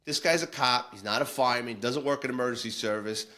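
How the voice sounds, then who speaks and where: A man's voice: mid-range voice, fast, bright, forceful tone. A man, a former police detective telling war stories in a casual, blunt, salty way with frequent restarts. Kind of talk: casual storytelling.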